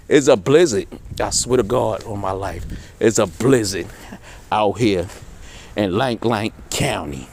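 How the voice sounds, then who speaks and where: Animated, foul-mouthed man telling a story. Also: fairly low pitch, unhurried. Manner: animated, swears constantly, voices characters in quotes. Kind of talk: profane street storytelling.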